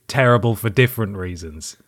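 A man with a mid-range voice chats on a casual podcast. He drops wry, dry comments and chuckles at his own points. His delivery is relaxed and conversational. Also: on the low side, brisk. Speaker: podcast co-host.

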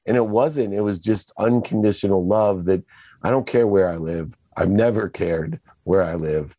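A man's voice: low-pitched, normal speed, mellow, no echo, studio quality. An older man, a guest entrepreneur, telling his story in an earnest, motivational way during a casual interview.

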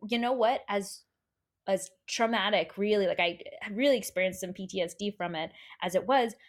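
A woman's voice: mid-range voice, normal speed. Earnest woman talking emphatically. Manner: earnest, emphatic, repeats points for stress. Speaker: podcast host, mother. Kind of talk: casual chat.

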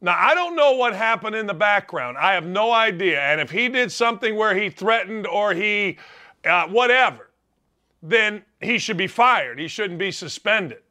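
A man's voice: sits high, expressive, moderate pace, sharp tone. A middle-aged man hosting a sports talk show, ranting in an opinionated monologue full of rhetorical questions. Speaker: sports radio host.

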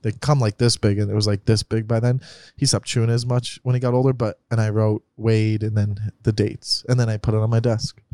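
A man's voice: fairly low pitch, little pitch movement, a little fast, warm tone, no echo. Laid-back joking man, dry sound. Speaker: comedian guest. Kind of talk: casual chat.

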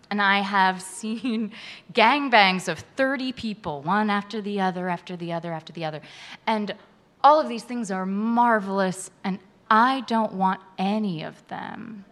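A woman telling a frank personal story to a live audience, animated and laughing often. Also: mid-range voice.

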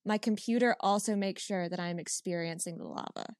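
A woman co-hosting a casual chat, bubbly and quick with puns. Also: lowish voice, no echo, clean studio sound. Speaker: co-host.

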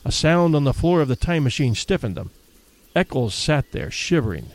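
Man reading a story dramatically. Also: big pitch swings. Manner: measured, dramatic, slowing for effect and dropping low at quiet moments. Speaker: narrator.

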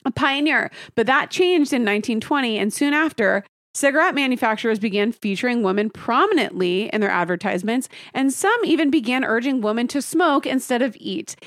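A woman's voice: on the high side, expressive, fairly quick, hardly any pauses, a bit bright, dry recording, clean studio sound. A woman in her thirties co-hosting a podcast in casual chat, blunt and opinionated and swearing freely. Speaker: podcast co-host.

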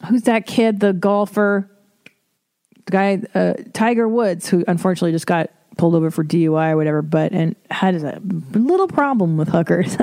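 A woman's voice: medium pitch, dark tone, no echo. A woman hosting her own podcast in a casual solo monologue, candid and rambling, swearing freely and laughing at her own asides. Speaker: podcast host.

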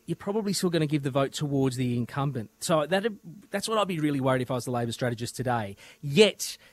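A man with an Australian accent, a radio presenter giving animated political commentary with frequent restarts. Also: a little high.

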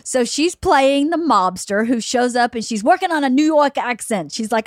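A woman's voice: high-pitched, big pitch swings, a little fast, dry recording, studio quality. A middle-aged woman hosting a podcast, telling family stories in a chatty, laughing way. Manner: chatty storyteller, laughs often. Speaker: podcast host. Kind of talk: casual chat.

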